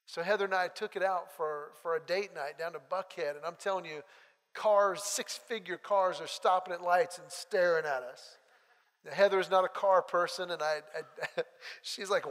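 High-voiced man preaching in a hall. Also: moderate pace. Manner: animated storyteller, quoting friends in lively back-and-forth. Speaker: pastor. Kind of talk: sermon with storytelling.

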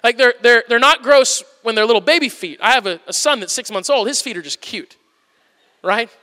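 High-voiced, joking preacher in an echoing church. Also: male voice, brisk. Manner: animated, joking and self-deprecating. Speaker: pastor. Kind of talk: humorous sermon.

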